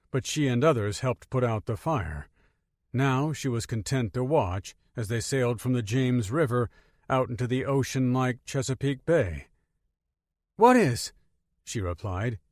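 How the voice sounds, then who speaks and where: Male audiobook narrator, lively pitch, dry close mic. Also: dry recording. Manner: expressive storytelling. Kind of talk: scripted narration.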